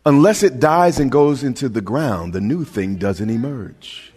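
A man preaching a sermon as pastor, stretching out phrases and dropping to a hushed near whisper on key words before building up again. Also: mid-range voice, animated, a little slow, husky, in a large hall.

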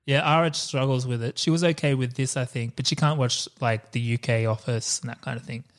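Steady and brisk, a man's mid-range voice carries this casual movie chat on a podcast he co-hosts. His enthusiasm shows in frequent laughs and easygoing swearing.

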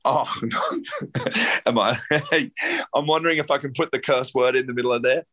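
A man with an Australian accent, a guest musician chatting casually in an interview, playful and quick to laugh. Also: medium pitch. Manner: laughs often, animated and playful.

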